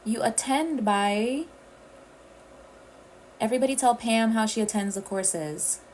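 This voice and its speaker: Her voice sits on the high side, unhurried and darkish in tone, as this Caribbean woman chats with her livestream viewers, calling them y'all. The rough recording carries slight background noise.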